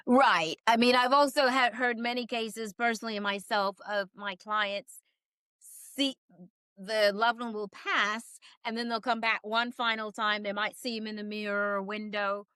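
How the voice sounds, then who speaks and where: Bright-voiced woman guest telling stories, acts out the voices, laughs a lot, dry close sound. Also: fairly high pitch, steady tone, a little slow, clean tone, no echo. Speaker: psychic medium guest. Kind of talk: casual storytelling interview.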